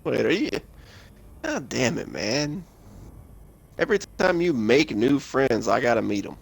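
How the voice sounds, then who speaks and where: A man's voice: mid-range voice, big pitch swings, unhurried, gravelly, slightly rough. A young man streaming a game, bantering with a friend in a profane, joking way. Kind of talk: casual gaming chat.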